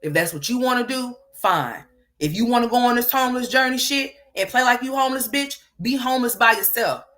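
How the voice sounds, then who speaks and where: A woman's voice: fairly high pitch, brisk, fairly bright tone. Blunt, profane woman ranting on camera. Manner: blunt, profane, hammering rhetorical questions. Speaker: online commentator. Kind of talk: opinion commentary rant.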